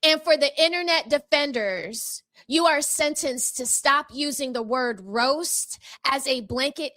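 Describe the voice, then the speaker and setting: A high-pitched woman with a bright, forceful voice, delivering a heated vlog commentary. She talks in a sassy, emphatic way, handing out verdicts like a mock courtroom. Her sound is close and dry, with no room echo. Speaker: channel host. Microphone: microphone.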